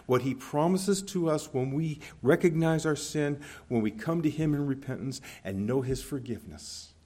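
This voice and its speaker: A man preaching a sermon as pastor, earnest and emphatic, his voice swinging between forceful peaks and quiet low stretches.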